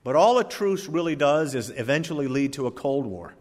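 A man's voice: a little high, animated, brisk. Preaching man in a reverberant hall. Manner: dramatic swings from loud emphasis to hushed asides; tells folksy stories with voiced characters. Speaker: pastor. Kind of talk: sermon.

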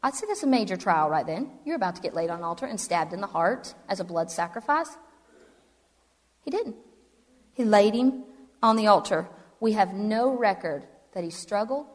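A woman preaching a sermon to a women's gathering, animated and emphatic, swinging between loud and soft delivery. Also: medium pitch, normal speed. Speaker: speaker at a women's event. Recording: long hall reverb.

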